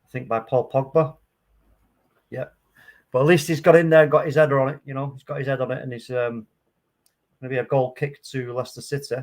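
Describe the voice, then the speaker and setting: A man giving live, excitable commentary on a football match, calm play-by-play that flares into loud outbursts. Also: medium pitch, fairly quick, long pauses. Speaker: watchalong host.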